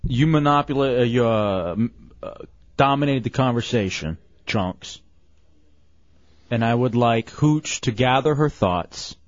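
A man hosting a live radio talk show, calmly trying to referee an argument. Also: medium pitch, a little slow, dry recording, lo-fi sound.

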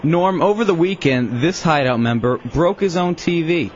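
A man on a radio show reading quiz clues in a dry, deadpan way. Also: fairly high pitch, moderate pace, slight background noise. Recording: dull lo-fi radio recording with faint music.

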